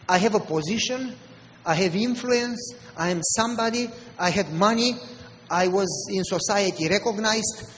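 Romanian guy preaching, really high voice, tells stories and acts them out, big hall echo. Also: a little hiss or hum. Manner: animated, with mimicked voices and sound effects. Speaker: pastor. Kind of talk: storytelling sermon.

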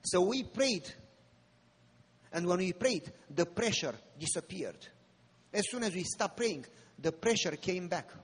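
A man preaching a sermon, telling a personal story with drama and rising to fervent appeals in a husky voice. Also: sits high, animated, measured pace, long pauses. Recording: long reverb of a large hall.

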